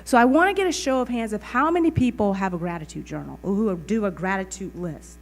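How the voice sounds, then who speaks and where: A woman's voice: medium pitch, lively intonation, fast, faint music behind. A woman reverend giving a sermon, earnest and emphatic, with repeated phrases. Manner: earnest, emphatic preaching with repetition. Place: community center lounge.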